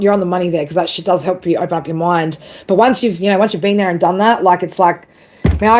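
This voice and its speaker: Woman on a live stream, swears constantly, keeps saying "right?", animated, medium pitch. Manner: swears a lot, animated storytelling. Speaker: tarot reader. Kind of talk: casual chat on a live stream.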